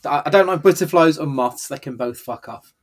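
A man co-hosting a casual film review chat, sweary and animated. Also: on the high side, a little fast. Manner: sweary, animated, laughing often. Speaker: podcast co-host.

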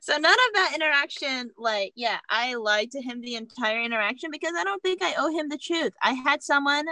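A woman's voice: sits high, lively intonation, brisk, bright, forceful tone, no echo. An American woman, a podcast guest, telling a story candidly and acting out the dialogue. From United States. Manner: candid, laughing, acts out dialogue. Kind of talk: casual storytelling.

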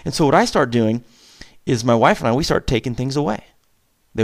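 Animated middle-aged dad giving parenting advice. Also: male voice, fairly quick, pauses often. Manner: animated, acts out back-and-forth with his kids, chuckles often; pitch jumps up sharply on questions and emphasis. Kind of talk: casual advice talk.

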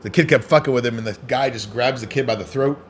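Casting: male podcast host, mid-pitched, crude and rambling, swears constantly, faint noise behind. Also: fast. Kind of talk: casual solo podcast rant.

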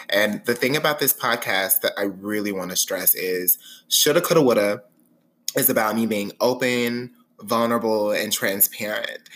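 A man hosting his own podcast, talking frankly and dramatically about his life in a candid monologue. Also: lowish voice. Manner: dramatic, expressive storyteller; frank and sassy. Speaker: podcast host.

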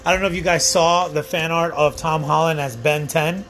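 High-voiced man hosting a podcast. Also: steady tone, a bit bright. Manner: halting, leans on fillers and restarts. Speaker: podcast host. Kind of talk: casual group chat.

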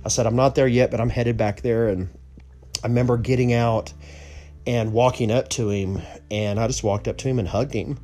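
A man's voice: medium pitch, fairly even intonation, normal speed, warm tone. A man telling a personal story in a casual, rambling way, full of restarts and asides.

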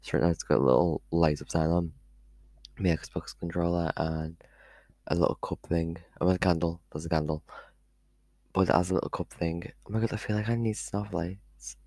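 Gravelly low-voiced teen rambling. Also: male voice, steady tone, normal speed, mellow, no room sound. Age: teens. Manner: chatty, meandering, loses his train of thought. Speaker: vlogger. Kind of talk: rambling casual live-stream chat. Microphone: headphone mic.

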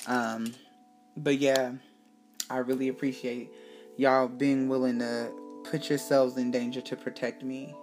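A woman hosting her own show, telling a personal story in a candid, animated way, swearing freely and acting out what people said. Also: extremely low pitch, measured pace, soft background music. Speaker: podcast host. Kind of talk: casual storytelling monologue.

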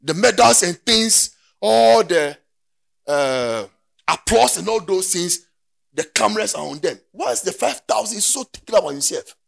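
A man preaching a sermon, dropping to quiet talk and then rising to shouted, sing-song preaching. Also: sits high, animated, moderate pace, vocal fry.

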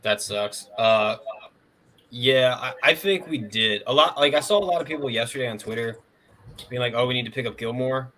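A man co-hosting a casual sports podcast, giving opinions quickly with many "likes". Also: medium pitch, bright, forceful tone, a little hiss or hum. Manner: quick, opinionated, uses "like" often. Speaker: podcast co-host.

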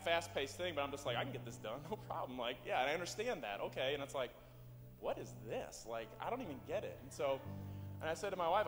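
A man, giving an excitable, rambling church testimony full of fillers and restarts. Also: on the high side. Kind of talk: personal testimony. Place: church sanctuary. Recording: reverberant church hall with music.

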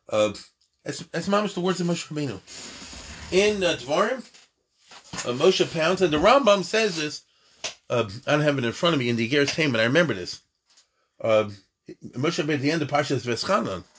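A man's voice: medium pitch, slightly rough. A man teaching an informal lecture on prayer, talking in an emphatic, digressive way with many asides and restarts. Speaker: Torah teacher.

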